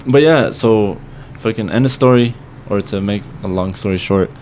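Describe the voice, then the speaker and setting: Low-voiced young man telling a rambling story. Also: moderate pace, a little mellow, a little hiss or hum. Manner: rambling, swears freely, mixes in Spanish phrases. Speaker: podcast guest. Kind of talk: casual storytelling chat.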